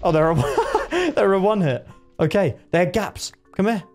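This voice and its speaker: A young man giving excited live commentary on a game he is playing. He talks to himself, yelps at close calls and laughs at his own plays. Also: high-pitched, a little slow, soft background music. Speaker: gaming video creator.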